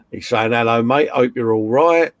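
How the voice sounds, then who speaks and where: A man with a mid-range voice speaks a little slowly, with no echo. He co-hosts a casual live modelling chat stream, reading viewer comments aloud and trading jokey, matey banter, calling everyone mate and fella.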